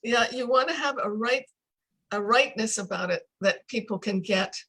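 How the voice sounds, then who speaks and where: An older woman, a speech coach, explaining pronunciation in a casual interview over a video call, slowing down to demonstrate sounds. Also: a little high, bright, forceful tone, husky, poor audio. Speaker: accent coach.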